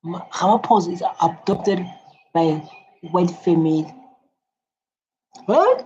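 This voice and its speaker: A woman hosting a reaction video, talking in animated, repetitive casual commentary with a husky voice. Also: medium pitch, measured pace, lo-fi sound, a little hiss or hum. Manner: animated, repeats phrases, many fillers and restarts.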